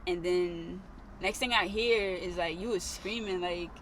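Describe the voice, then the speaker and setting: A young woman tells a story in casual chat, her voice bright and a little tense. She rambles and circles back on herself, filling every gap with "like". A faint hiss sits under the recording. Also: on the low side, a little slow. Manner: rambling, repeats herself, many "like" fillers.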